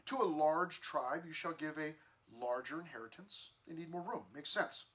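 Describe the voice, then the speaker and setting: A man's voice: fairly high pitch, lively intonation, normal speed, fairly bright tone. A man teaching a youth group through a Bible passage in a casual, conversational way, with many fillers and restarts. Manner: conversational, many fillers and restarts, acts out social media voices.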